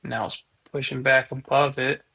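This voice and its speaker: A man's voice: medium pitch, level tone, normal speed, vocal fry, sharp tone. A man co-hosting a live trading stream who calls out incoming trades in casual chat. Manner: calls out trades as they come in.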